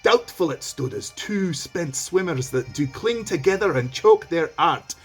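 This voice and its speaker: Weary soldier, read by a teacher: slightly raised voice, dramatic and slow. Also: male voice, fairly high pitch, animated, husky, faint music behind, voice pushed up. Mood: grave. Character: battle-weary male soldier reporting.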